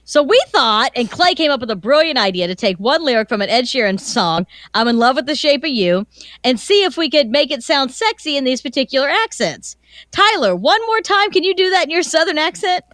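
A woman co-hosting a morning radio show, bubbly and quick to laugh in lively studio banter. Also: high voice, no room sound. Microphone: studio microphone.

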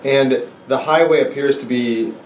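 A man's voice: mid-range voice, normal speed. A man from the United States chats casually on a podcast, tossing in wry jokes. His voice sits in a middle range and carries a roomy echo, with faint noise behind him. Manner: wry, joking asides. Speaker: podcast guest. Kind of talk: casual chat.

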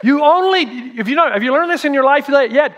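A man's voice: very high voice, animated, fairly quick, a bit bright, in a large hall, highs cut off. A middle-aged man preaching a sermon as pastor, telling humorous stories and acting out the voices he quotes. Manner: humorous storyteller who acts out quoted voices.

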